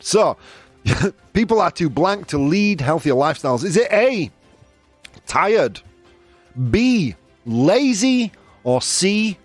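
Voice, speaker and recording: Lively, playful male quiz host. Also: on the high side, dry recording. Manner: lively, playful, often laughing, chatting with viewers. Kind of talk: live-streamed news quiz chat.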